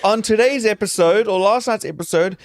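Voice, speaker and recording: A man co-hosting a podcast, chatting in a relaxed, teasing way and often laughing through his stories. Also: sits high, brisk, no echo, clean studio sound. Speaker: podcast co-host. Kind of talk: casual chat.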